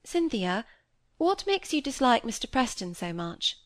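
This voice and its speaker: A woman's voice: a little high, big pitch swings, a little slow, dry recording, pitched above the performer's own voice. A woman voicing a serious, earnest young woman who speaks sincerely and firmly.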